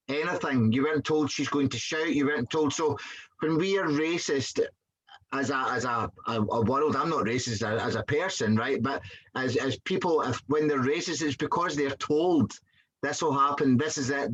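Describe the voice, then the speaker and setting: A man's voice: medium pitch, normal speed, a bit bright, breathy edge, low-quality recording. A man earnestly explaining his reflections on a guest's story. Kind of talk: reflective commentary.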